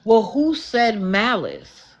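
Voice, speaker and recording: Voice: mid-range voice, wildly swooping pitch, slow. Sarcastic livestream host challenging viewers.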